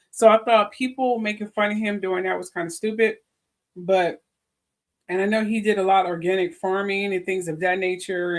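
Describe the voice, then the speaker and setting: A woman's voice: medium pitch, a bit bright. A woman hosting a casual gossip livestream, rambling and chatting to viewers in the comments. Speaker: gossip show host.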